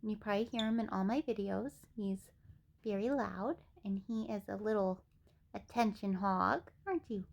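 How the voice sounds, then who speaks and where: A woman's voice: fairly high pitch, normal speed, vocal fry. A woman vlogger talking to her pet bird in cooing, sing-song baby talk.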